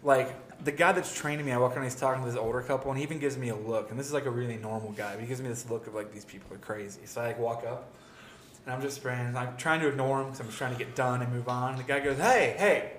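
A young man co-hosts a casual podcast, telling stories in a relaxed, rambling way and laughing easily. His voice sits at an ordinary pitch, with a noticeable echo from the room. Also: racing, a little hiss or hum. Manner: laid-back storytelling, laughs often. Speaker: podcast co-host. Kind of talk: casual chat.

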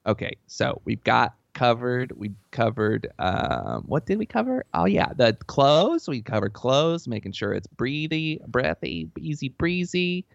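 Brief: bragging man with a Southern accent, gravelly, pitch swinging wildly, dull lo-fi sound. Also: very animated, unhurried, hardly any pauses, no echo. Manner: boastful, rambling, easily sidetracked. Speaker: comedic advice giver. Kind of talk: comedy podcast bit. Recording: dull lo-fi recording.

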